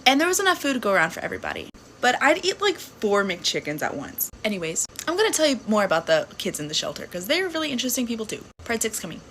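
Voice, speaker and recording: A woman's voice: fairly high pitch, wildly swooping pitch, quick pace, a bit bright, low-quality recording. A young woman in her twenties telling her story to camera in a loose, casual way. She is blunt and sassy and swears freely. A faint background hiss sits under her voice. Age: 20s.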